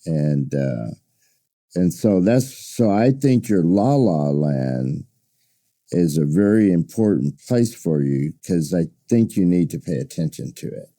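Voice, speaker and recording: Deep, lively-pitched man on a podcast. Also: a little slow. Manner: supportive, reflective, gives opinions. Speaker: podcast co-host. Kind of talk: casual podcast chat.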